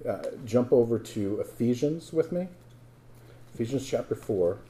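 Dark-voiced pastor preaching to his congregation. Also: medium pitch, animated, moderate pace. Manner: conversational preaching, rising to emphatic scripture reading. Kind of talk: sermon.

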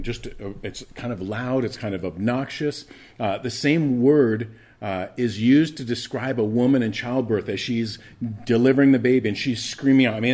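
Husky-voiced preacher with dynamic delivery. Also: male voice, mid-range voice. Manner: dynamic preaching, rising loud for emphasis and dropping to hushed asides; repeats words when restarting. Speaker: pastor. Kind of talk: sermon.

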